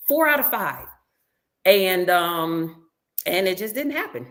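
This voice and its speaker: A woman's voice: fairly low pitch, animated, takes it slowly, a bit bright. A woman guest in a casual interview, telling a story with animation and acting out what others said. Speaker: reality show cast member guest. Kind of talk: casual interview, recounting events.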